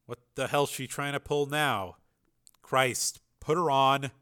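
A man reading a domineering male official who snaps and scorns, bursting into shouts. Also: medium pitch, fairly even intonation, takes it slowly, smooth. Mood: scornful. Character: angry, domineering middle-aged male official.

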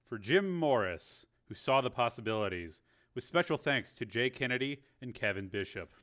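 Man narrating an audiobook. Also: medium pitch. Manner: steady reading with occasional fillers and restarts.

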